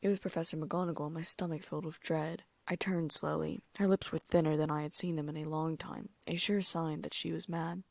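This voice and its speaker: A woman's voice: deep voice, flat delivery, fairly quick, vocal fry, hardly any pauses, a little mellow, dry recording. A woman reading a fan-fiction audiobook aloud in first-person narration. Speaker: audiobook reader.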